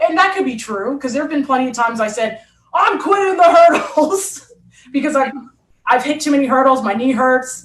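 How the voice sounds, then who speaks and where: A woman, a former hurdler and coach, telling a story in an animated conversational way and acting out what people said. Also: a little high, reverberant, slight background noise. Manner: animated, acts out quotes.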